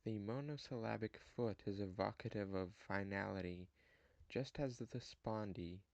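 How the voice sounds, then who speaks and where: A man giving a scripted lesson on poetic meter in a formal, measured and slightly stilted way. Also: on the low side, creaky, darkish tone. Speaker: poetry lecturer. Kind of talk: scripted narration.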